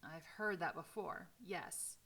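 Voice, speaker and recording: Woman reading as a middle-aged man, guarded, polite, measured, bright voice. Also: lowish voice, slightly rough, exaggerated voice.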